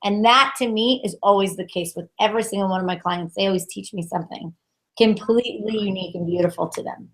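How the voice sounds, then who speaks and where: A woman co-hosting a tarot chat in a casual, emphatic way, full of "like" and quick laughs. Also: mid-range voice, fairly bright tone. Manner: emphatic, exasperated, laughs often, says "like" a lot. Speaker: co-host tarot reader.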